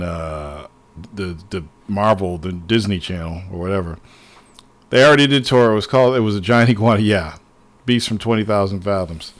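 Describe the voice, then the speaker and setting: A man hosting a casual livestream, talking excitedly and swearing often as he rambles to his viewers. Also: on the low side. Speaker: livestream host.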